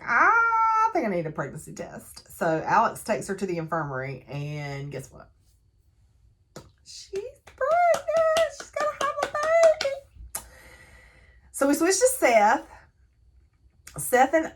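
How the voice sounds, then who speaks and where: A woman casually recapping a novel, telling the story in an animated way with laughs and asides. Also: lowish voice. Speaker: book reviewer.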